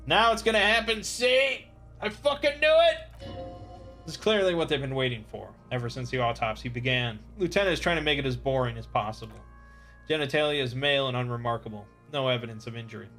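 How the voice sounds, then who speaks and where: A man playing a video game and reading its dialogue and narration aloud in a dry, deadpan way. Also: mid-range voice. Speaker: let's play narrator.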